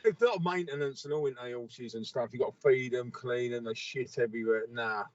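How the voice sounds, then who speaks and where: A comedian from England co-hosting a podcast over a video call, with laid-back, sweary banter. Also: male voice, mid-range voice, fairly quick. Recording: muffled, dry call audio.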